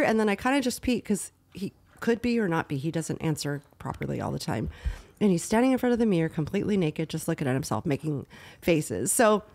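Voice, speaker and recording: Chatty woman with a low voice telling a story. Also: brisk. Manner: rambling, animated retelling with quoted dialogue. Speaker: podcast co-host. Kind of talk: casual chat, storytelling.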